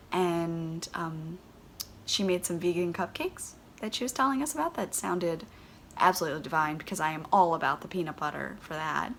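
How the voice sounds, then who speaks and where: A woman's voice: on the low side, fairly bright tone, a little hiss or hum. A woman with a Philadelphia accent hosting a knitting vlog, chatting casually and gushing, rambling with lots of "um"s. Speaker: knitting podcast host.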